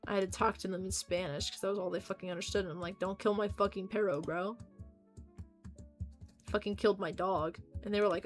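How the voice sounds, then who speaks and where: A young American woman chatting casually on a livestream, rambling and joking and swearing freely. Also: mid-range voice.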